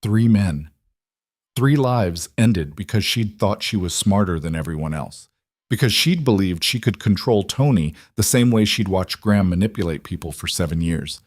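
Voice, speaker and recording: A man reading a mafia drama as scripted narration, measured and even. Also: low-pitched, no room sound, studio quality.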